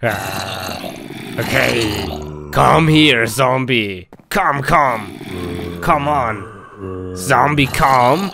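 A man putting on a growling pirate voice, threatening zombies with a slow, menacing drawl in a comedy skit. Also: medium pitch, expressive, gravelly, noisy background, pitched below the performer's own voice, full character voice.

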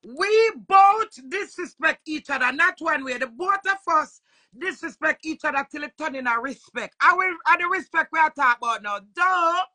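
A high-pitched, bright Jamaican woman ranting hard into her phone, cursing and indignant. The sound is dry and close, with no room around it. She talks over her partner on a live stream. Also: expressive, normal speed, no room sound. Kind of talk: heated live-stream rant.

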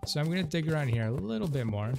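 A man's voice: fairly high pitch, big pitch swings, very fast, creaky. Chatty man narrating a game. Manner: chatty, rambling asides. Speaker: let's play host. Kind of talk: casual gameplay commentary. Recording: game music behind the voice.

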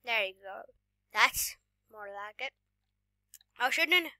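A woman giving casual gameplay commentary while sick, coughing now and then, excitable and often dropping to a whisper. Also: a little high, slow pace, dry recording. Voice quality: voice sounds off today. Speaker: gaming YouTuber.

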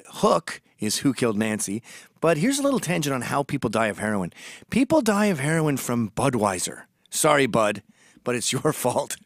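A man's voice: mid-range voice, a bit bright, no echo, studio quality. A man hosting a storytelling monologue, gossipy and blunt, turning urgent and emphatic when he warns. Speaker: host.

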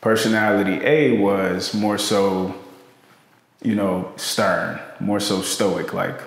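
A man's voice: fairly low pitch, fairly even intonation, takes it slowly, vocal fry. A man co-hosting a podcast, telling a story in loose, slangy casual talk. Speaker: podcast co-host. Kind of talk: casual conversation. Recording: very echoey long-reverb room.

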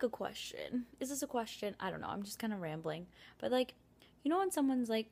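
A woman's voice: mid-range voice, expressive, brisk, gravelly, long pauses, darkish tone. A young woman, a college student, chatting casually to camera in her apartment, rambling with lots of "like" and self-mocking complaints. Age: young adult. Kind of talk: casual vlog chat. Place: apartment, indoors.

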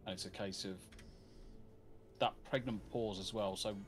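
A man's voice: fairly low pitch, steady tone, normal speed, faint music behind. A man chatting bluntly and swearing freely while playing a co-op game. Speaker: co-op gamer. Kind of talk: casual gaming chat.

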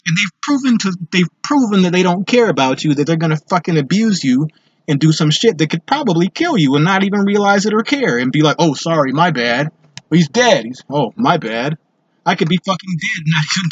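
A man's voice: on the high side, big pitch swings, moderate pace, breathy edge, dry recording, highs cut off. A man hosting his own show, telling a personal story in a blunt, rambling way, swearing constantly. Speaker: show host. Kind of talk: profane personal storytelling monologue.

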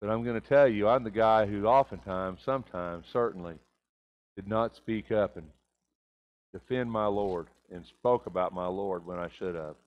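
A man's voice: normal speed, lo-fi sound. Man preaching a confessional sermon. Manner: swings from loud, high emphatic bursts to quiet low confessions. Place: church sanctuary.

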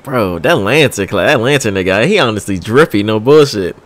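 A young man hosting an anime reaction, reacting in excitable, slangy banter and laughing often. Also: fairly low pitch, fairly quick. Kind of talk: casual reaction commentary.

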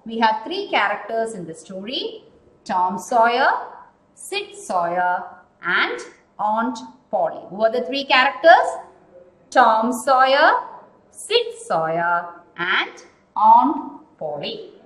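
A woman teacher walks through a story lesson at an unhurried pace, repeating words and asking questions. Her voice is high and full of movement. The room echoes around her. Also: very animated, a bit bright. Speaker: English teacher. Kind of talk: recorded class lesson. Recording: roomy echoing room.

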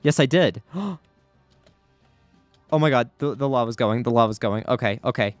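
A man's voice: mid-range voice, normal speed, no echo, faint music behind. A man giving live commentary over his own gameplay, anxious and repeating himself under pressure. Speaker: gaming YouTuber.

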